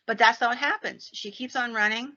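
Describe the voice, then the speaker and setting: A woman hosting a paranormal podcast, retelling a frightening story in an animated way. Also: on the high side, a little fast. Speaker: podcast host. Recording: dull lo-fi sound.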